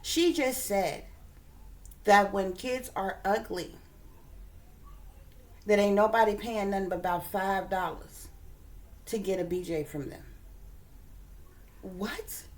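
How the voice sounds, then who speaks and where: A woman's voice: medium pitch, measured pace, long pauses. A woman hosting a reaction video, indignant and repeating her points for emphasis. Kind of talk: reaction commentary.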